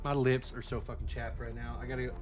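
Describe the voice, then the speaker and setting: A man chatting casually to viewers while streaming a game, swearing a lot and swinging between excitement and frustration. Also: medium pitch, quick pace, soft background music. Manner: profane, excitable, talks to chat. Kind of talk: live-stream gameplay chat.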